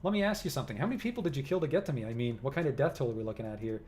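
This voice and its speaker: A man's voice: mid-range voice, animated, very fast, a little mellow, a little hiss or hum, close to an everyday voice. A man reading aloud the lines of a small, defensive male hacker. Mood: indignant. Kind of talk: reading game dialogue aloud.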